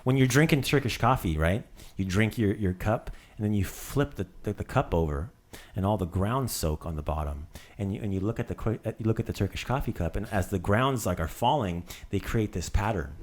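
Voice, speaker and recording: A man's voice: on the low side, lively intonation, fairly quick. A man hosting a casual language lesson, drilling words with playful asides. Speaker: language teacher.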